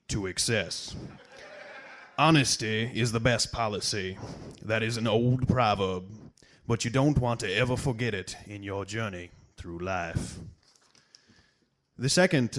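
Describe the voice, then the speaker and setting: A man's voice: medium pitch, a bit bright, slight background noise. A man at an open mic in a bar, reading aloud and telling a joke as a folksy storyteller who punches up the punchlines.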